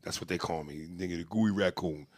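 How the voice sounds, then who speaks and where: A man who works as a comedian, co-hosting a podcast and telling profane, animated, joking stories in a casual rant. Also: deep voice, fairly quick, no echo, studio quality.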